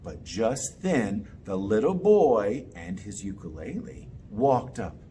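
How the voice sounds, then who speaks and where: A man telling a children's story in a playful, animated way, inviting the kids to join in. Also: on the low side, takes it slowly, slight background noise. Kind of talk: interactive children's story time.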